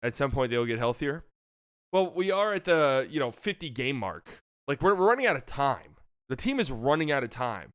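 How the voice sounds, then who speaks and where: A man's voice: mid-range voice, big pitch swings, moderate pace, a bit bright, clean tone, dry recording, studio quality. A young man hosting a casual basketball talk show, ranting with exasperation and repeating himself. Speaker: sports podcast host.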